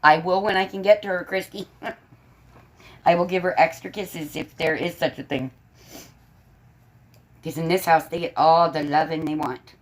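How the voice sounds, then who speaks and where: A woman's voice: sits low, fairly even intonation, measured pace, long pauses, poor audio. A woman hosting a casual livestream from home, chatting to her viewers and her dogs. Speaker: livestream host. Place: home room. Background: dogs barking.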